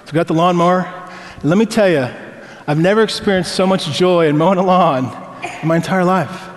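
Higher-voiced male pastor in reverberant church. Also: brisk. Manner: conversational storytelling with personal anecdotes. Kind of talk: sermon. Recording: long hall reverb.

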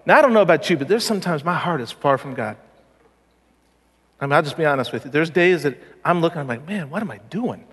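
High-voiced pastor in a reverberant hall. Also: male voice, animated, fast talker, fairly bright tone. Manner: conversational, joking, emphatic. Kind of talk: sermon. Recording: long reverb of a large hall.

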